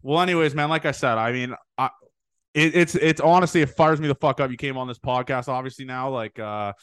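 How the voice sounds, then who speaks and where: A man hosting a casual podcast over a video call, excitable and swearing freely as he hypes up his guest. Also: medium pitch, fairly quick, clean tone, no echo. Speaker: podcast host. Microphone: remote call microphone.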